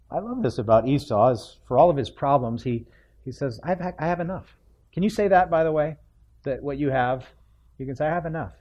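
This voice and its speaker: A man's voice: medium pitch, breathy edge. A man preaching a sermon, retelling the story expressively and acting out the characters' lines. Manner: expressive, acts out biblical characters' voices.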